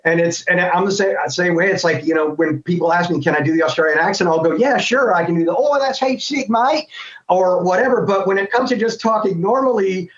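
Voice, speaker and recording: A man's voice: high voice, fairly even intonation, fast, hardly any pauses, fairly bright tone. A middle-aged American man talking as an interview guest, thinking aloud and rambling with many restarts. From United States. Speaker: guest voice actor. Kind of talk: casual interview chat. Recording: dull lo-fi sound.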